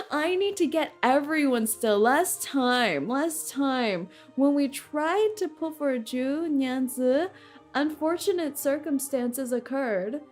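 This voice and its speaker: Giggly, animated young woman streamer. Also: high-pitched. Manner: giggly, animated, breaks into frequent laughter. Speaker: VTuber streamer. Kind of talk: casual live-stream chat over gameplay. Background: faint game music.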